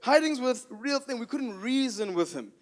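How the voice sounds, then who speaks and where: A man performing a stand-up comedy set, animated and loud, acting out the voices of the people in his stories. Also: very high voice, normal speed.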